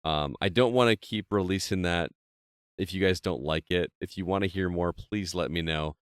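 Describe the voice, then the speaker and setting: A man's voice: low voice, moderate pace, clear, resonant tone, no room sound, studio quality. A man hosting a gaming podcast, chatty and self-deprecating, laughing often. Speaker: podcast host. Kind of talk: casual podcast chat.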